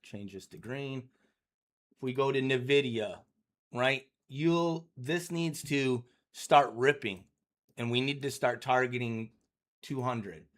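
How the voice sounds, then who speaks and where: This man takes it slowly as he rambles through casual day-trading commentary over charts, his medium-pitched voice a bit bright. He fills his speech with "you know" and "right?" and often clears his throat.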